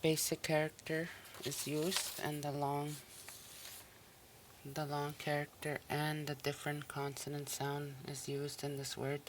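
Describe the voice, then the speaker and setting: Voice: medium pitch, a little slow, background noise. A language teacher on a recorded listening lesson, repeating each word patiently and breaking it into syllables. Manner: patient, even explaining tone.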